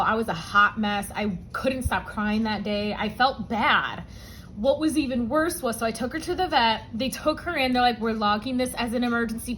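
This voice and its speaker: Emotional woman vlogger, slightly high voice. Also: fairly bright tone, a little hiss or hum, poor audio. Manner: emotional, tearful at times, addresses viewers as y'all. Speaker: budgeting channel host. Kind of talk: personal vlog storytelling.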